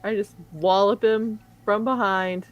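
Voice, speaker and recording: A woman's voice: mid-range voice, fairly even intonation, measured pace, dull audio. A woman playing in a tabletop game, teasing another character and declaring her actions plainly. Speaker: player. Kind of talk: casual tabletop play.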